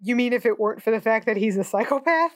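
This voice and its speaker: A woman's voice: a little high, animated, quick pace, dry recording, studio quality. Wry, sarcastic woman podcast co-host. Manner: wry, sarcastic, laughs often. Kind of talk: casual movie discussion.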